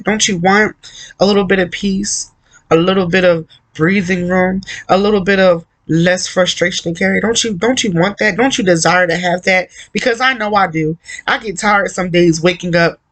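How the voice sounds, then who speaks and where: A man's voice: sits high, a bit bright. A man giving an earnest, conversational devotional talk, repeating his points and filling gaps with "like" and "you know.". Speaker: Christian encourager.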